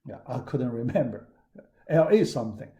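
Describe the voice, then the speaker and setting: A man giving a recorded university lecture, talking in a halting way with frequent fillers and restarts. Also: mid-range voice, big pitch swings, warm tone.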